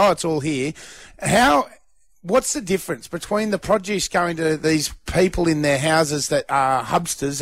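A man's voice: a little high, fairly bright tone. An Australian man co-hosting breakfast radio, chatting in an easygoing way. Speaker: radio co-host.

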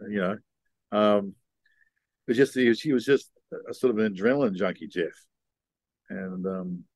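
An older man being interviewed, telling long rambling stories in a relaxed, casual way. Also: mid-range voice, no echo. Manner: laid-back rambling storyteller. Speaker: guest.

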